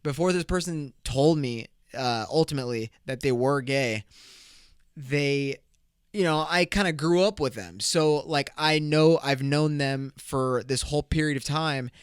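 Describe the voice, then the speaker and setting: A man hosting his own podcast, rambling through a story in loose, profane language with frequent laughter. His voice sits a bit high for a man and comes across smooth and clear. It is recorded close and dry on a podcast mic, with no room sound. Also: measured pace, no echo. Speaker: podcast host. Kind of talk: casual podcast monologue.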